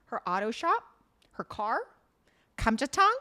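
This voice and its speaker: A woman's voice: a little high, unhurried. A woman in her thirties co-hosting a podcast, retelling drama scenes in casual chat and acting out the characters' lines. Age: 30s. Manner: animated, acts out characters' lines while retelling. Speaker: podcast co-host.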